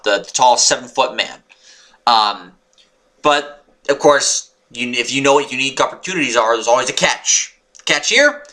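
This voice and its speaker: A man rambling through a wrestling show review, excitable and swearing, sometimes yelling when annoyed. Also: a little high. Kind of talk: unscripted recap monologue.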